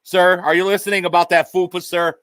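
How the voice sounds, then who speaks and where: A man's voice: sits high, little pitch movement, brisk, fairly bright tone, clear, resonant tone, dry recording, studio quality. A man vlogging a sarcastic, profane monologue, mockingly addressing an unseen "sir" over and over.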